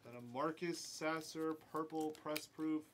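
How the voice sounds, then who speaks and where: A man's voice: on the high side, fairly even intonation, unhurried. A man hosting a live card break, rattling off player names and chatting with viewers as he opens packs. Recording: noisy room with crinkling packs.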